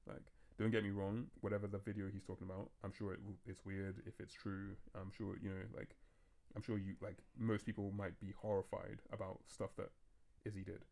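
A man hosts a casual podcast chat, his voice low and gravelly with a flat, even pitch. He talks fast and rambles, breaking off and restarting his thoughts as he goes. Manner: fast, rambling, self-interrupting talk. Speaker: podcast host.

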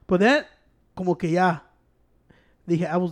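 A man's voice: high-pitched, normal speed, long pauses. A young man chatting casually as a co-host, rambling and swearing, sliding between Spanish and English. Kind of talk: casual chat.

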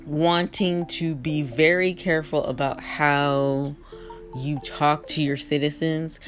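A woman giving a casual opinion monologue, animated and exasperated, laughing often between points. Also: low voice. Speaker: political commentator. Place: lives in New York City.

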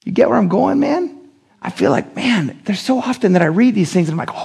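Man, pastor, sermon, gravelly voice, higher-pitched, animated, playful. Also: fairly quick. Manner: animated, acting out quotes with big pitch jumps; playful, joking with the congregation.

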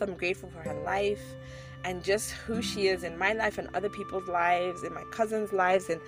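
A woman in her thirties telling a personal story to her viewers in a chatty way, laughing often and restarting her sentences. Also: lowish voice. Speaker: vlogger. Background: background music.

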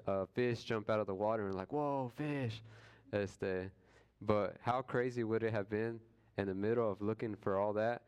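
A man with a smooth, low voice leads a relaxed Bible study. He retells scripture in casual street language and now and then slips into playful quoted voices. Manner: conversational, retells scripture in slangy everyday words; acts out quoted voices with jokes.

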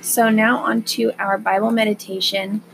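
A woman hosting a podcast, talking casually and gently with frequent fillers, then guiding a calm meditation. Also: medium pitch, vocal fry, a little hiss or hum. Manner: slow, gentle, soothing delivery with fillers. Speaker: podcast host.

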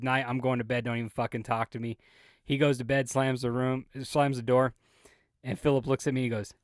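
A man's voice: mid-range voice, no room sound. Profane man telling a story, dry mic. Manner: profane, animated storyteller who acts out the other people's lines. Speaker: podcast co-host. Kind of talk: casual storytelling.

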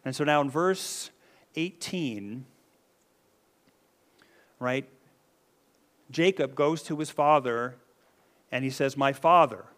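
A man's voice: mid-range voice, slow pace, long pauses. A man preaching a sermon in a conversational way, often checking in with the listeners and restarting his phrases. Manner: conversational, keeps adding "right?", frequent restarts.

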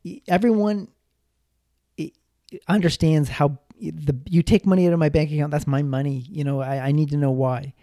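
A man's voice: on the high side, steady tone, normal speed, dark tone, no room sound, clean studio sound. A man giving casual personal finance advice, rambling with frequent restarts and repeated words.

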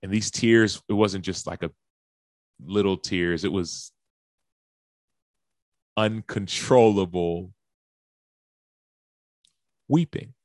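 A man's voice: low-pitched, measured pace, no echo. A man, a professional athlete, earnestly telling a personal story in a speech and acting out the lines and gasps of the people in it.

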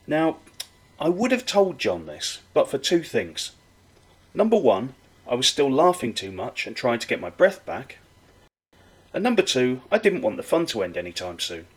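A male storyteller recounting a comic anecdote. His pitch swings widely as he builds up the jokes. The delivery is wry and playful. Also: poor audio.

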